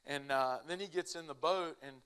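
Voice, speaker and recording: A young man with a slightly high voice tells a funny story to a live audience. He keeps it animated and casual, laughing at his own jokes as he goes. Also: normal speed, smooth. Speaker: speaker at a church family event.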